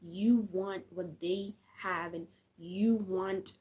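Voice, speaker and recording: A woman's voice: fairly low pitch, fairly even intonation, extremely slow, dark tone, dull audio. A tired young woman talking casually to camera as a faith vlogger, earnest and encouraging, with frequent restarts. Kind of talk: casual direct-to-camera talk.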